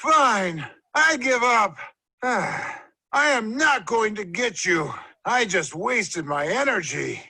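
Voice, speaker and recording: A performer voicing a hungry, slow and clumsy T-Rex that sighs and blusters, for a cartoon. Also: medium pitch, lively intonation, noisy background. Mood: winded. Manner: blustering, sighing, boastful. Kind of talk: cartoon voice acting. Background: music.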